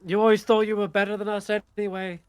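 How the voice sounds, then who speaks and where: A man voicing a bitter phantom voice on the wind that shouts accusing taunts. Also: sits high, level tone, quick pace, clean tone, dry recording, pitched above the performer's own voice, natural voice.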